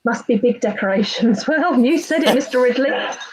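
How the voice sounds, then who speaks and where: Teasing high-voiced woman host. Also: animated, fairly quick, breathy edge, poor audio. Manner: giggly, teasing. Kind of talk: casual chat.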